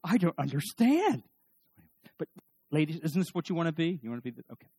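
A middle-aged man giving a humorous talk on marriage to a live audience, animated and joking, often restarting his sentences. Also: a little high, very fast, no echo. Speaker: speaker on marriage.

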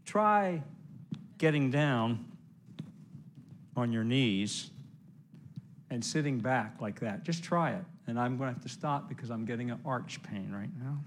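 A man preaching a sermon, telling lively stories and urging listeners on, with loud exclamations and hushed asides. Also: mid-range voice, slow, long pauses, a little hiss or hum. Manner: exhorting listeners directly.

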